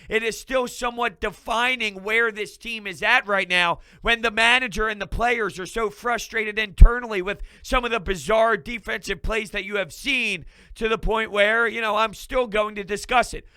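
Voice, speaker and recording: A fired-up man with a notably high, bright voice talks through a post-game recap, emphatic and loose with the swearing. His tone is smooth and clear, recorded close on a dry mic. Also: no room sound. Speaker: sports fan channel host.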